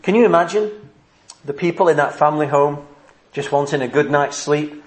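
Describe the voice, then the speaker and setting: Earnest preacher guy asking question after question, voice on the high side, church echo. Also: steady tone, fairly quick. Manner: earnest, builds with rhetorical questions. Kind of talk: sermon. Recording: roomy echo.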